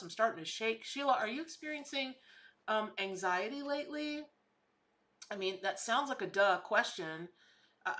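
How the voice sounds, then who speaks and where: A woman's voice: on the low side, fairly bright tone. A woman hosting a live tarot stream, reading viewers' questions and talking in a chatty, emotional, effusive way. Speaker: tarot and spirit animal reader.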